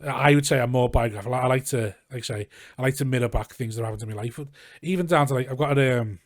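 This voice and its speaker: A man's voice: medium pitch, quick pace, no echo, studio quality. A man with a Scouse accent, a comedian guest on a casual podcast, telling rambling, sweary anecdotes and acting out what people said. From Liverpool, England. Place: garage.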